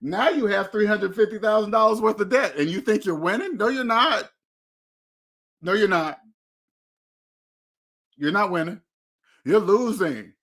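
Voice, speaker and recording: A man's voice: high-pitched, expressive, normal speed, pauses often, fairly bright tone. A man hosting a motivational money talk, preachy and emphatic, driving points home with repeated questions. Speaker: host.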